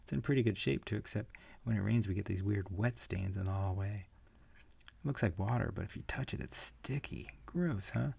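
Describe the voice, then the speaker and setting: A man's voice: on the low side, normal speed, vocal fry, a little mellow, husky, dry recording, full character voice. A man voicing a chatty young man who shows off his new apartment in a casual, boastful way.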